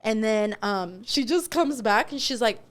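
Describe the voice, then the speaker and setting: A young woman co-hosting a podcast, telling a personal story in an animated, casual way and swearing freely. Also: fairly high pitch, a little slow. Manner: animated, swears freely, acts out quoted dialogue. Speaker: podcast co-host.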